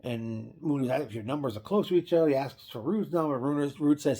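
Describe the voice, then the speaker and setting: A man's voice: medium pitch, moderate pace, a little mellow. A man casually recapping an old wrestling event, rambling with frequent restarts and self-corrections.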